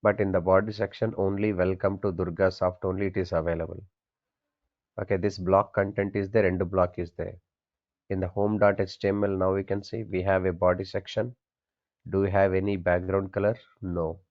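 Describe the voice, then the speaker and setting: A man's voice: sits low, little pitch movement, moderate pace, muffled recording. A man teaching a programming class, asking his students questions, answering them himself and repeating the key points. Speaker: programming instructor. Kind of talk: classroom coding lecture.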